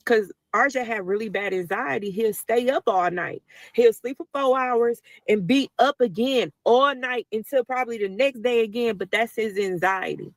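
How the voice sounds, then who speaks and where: A woman's voice: fairly high pitch, normal speed, dry recording. A mother telling a personal story to viewers in a casual, emotional way, talking straight to them as y'all. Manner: talkative, emotional, addresses listeners as y'all.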